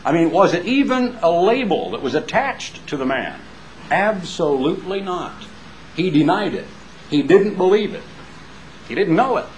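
A man's voice: sits high, sing-song, moderate pace, a little hiss or hum, low-quality recording. A man preaching a sermon in a folksy, emphatic way, building up with rhetorical questions and homespun asides.

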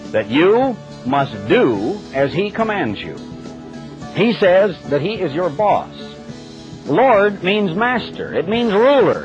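A man preaching a broadcast sermon in a plain-spoken, emphatic, conversational way. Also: fairly high pitch. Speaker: radio preacher. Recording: dull lo-fi radio broadcast with faint music.

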